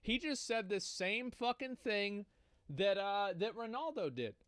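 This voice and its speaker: Brief: male streamer, higher voice, loose profane reaction chatter, dry close mic. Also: animated, a little slow, fairly bright tone, clean tone, dry recording. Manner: casual, profane, amused. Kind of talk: casual reaction commentary.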